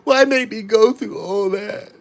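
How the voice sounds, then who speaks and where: A man's voice: high voice, measured pace, creaky. A man vlogging, ranting in an agitated way and swearing as he addresses a critic directly. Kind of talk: angry livestream rant.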